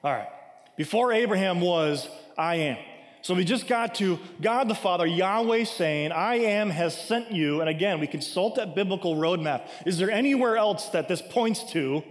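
A man's voice: high voice, animated, moderate pace, hardly any pauses. A man preaching a conversational sermon, often checking in with "right?" and acting out scripture lines with emphasis. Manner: emphatic, acts out scripture quotes. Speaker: pastor. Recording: long hall reverb.

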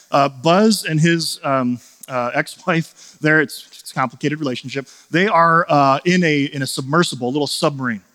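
A man in his thirties preaching a sermon, telling a story in a loose, chatty way before building to forceful exhortation. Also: mid-range voice, big-room sound. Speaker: pastor.

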